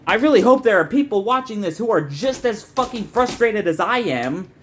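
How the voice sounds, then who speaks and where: A young adult video essayist delivers a frustrated, profanity-laced rant that rambles and restarts often. The voice sits at a middle pitch. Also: lively intonation, moderate pace. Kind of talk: ranting commentary.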